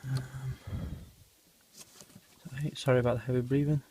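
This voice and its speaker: A man's voice: mid-range voice, fairly even intonation, moderate pace, vocal fry, darkish tone, slight background noise. A man casually narrating a tarantula feeding vlog, rambling with lots of ums and dropping his voice near the animals. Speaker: tarantula keeper filming feedings.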